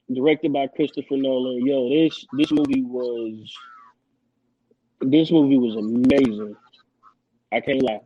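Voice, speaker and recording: A man co-hosting a podcast in easy, slangy chat at a middle pitch. He sounds relaxed and throws in casual asides. The recording is muffled and lo-fi. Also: slight background noise. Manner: laid-back, slangy, "you know what I'm saying". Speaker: podcast co-host.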